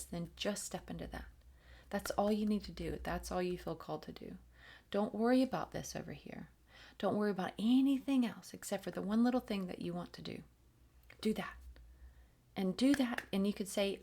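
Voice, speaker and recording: Gentle woman giving a spiritual reading. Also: medium pitch, moderate pace, slightly rough. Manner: gentle and encouraging, many fillers and restarts, drops to soft whispers. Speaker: channeled reader.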